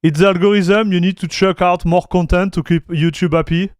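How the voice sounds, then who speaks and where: A man, livestreaming and reacting to a video in excitable, slangy chat. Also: high-pitched, brisk, clean tone, dry recording, clean studio sound. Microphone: streaming desk mic.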